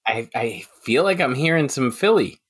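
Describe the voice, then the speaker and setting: A man's voice: mid-range voice, lively intonation, moderate pace, fairly bright tone, slightly rough. A man co-hosting a comedy podcast, talking in a hesitant, meandering way. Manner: hesitant, restarts often, meandering. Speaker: podcast co-host. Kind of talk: casual comedic chat.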